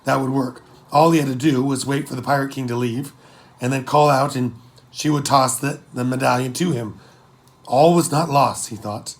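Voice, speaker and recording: A man narrating an adventure story as an audiobook, with steady storytelling delivery. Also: mid-range voice, normal speed. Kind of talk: scripted narration.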